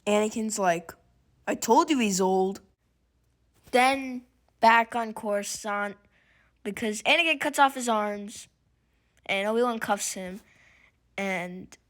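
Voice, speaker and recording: A woman's voice: medium pitch, a little mellow. A woman casually retelling a made-up story, rambling, with restarts and self-corrections.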